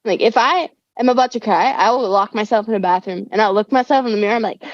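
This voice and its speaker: A woman's voice: mid-range voice, quick pace, dry recording. A young woman, a musician guest, talking in a laid-back, slangy way in a casual interview, throwing in "dude" and "bro". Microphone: remote call. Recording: dull, dry lo-fi call audio.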